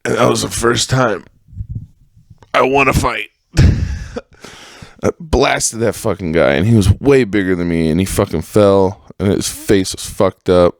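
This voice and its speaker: On his own podcast, a gravelly-voiced man on the low side rambles through old stories at a measured pace, casual and profane, and livens up when imitating others. The studio sound is clean with no echo.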